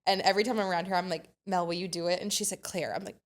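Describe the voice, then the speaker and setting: A woman's voice: on the low side, little pitch movement, rapid-fire. A young woman co-hosting a podcast in casual chat, upbeat and giggly, gushing about pop culture. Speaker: podcast co-host.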